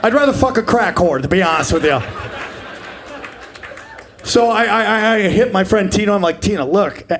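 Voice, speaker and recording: A man in his forties doing live stand-up comedy, brash and profane, bursting into shouted voices. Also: sits high, lively intonation, moderate pace, long pauses, a faint crowd, slight background noise. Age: 40s. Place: comedy stage before a laughing audience.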